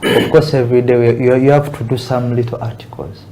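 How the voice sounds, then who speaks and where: A man's voice: medium pitch, level tone, fairly quick, mellow, a little hiss or hum. A young man from Uganda, a barista guest in a casual interview, who talks earnestly with frequent restarts.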